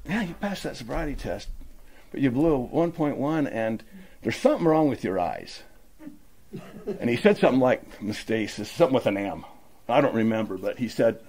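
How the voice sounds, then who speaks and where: A middle-aged man from Utah tells his recovery story at a meeting in a casual, rambling way, acting out the dialogue as he goes. His voice is mid-range, a little mellow, and slightly rough.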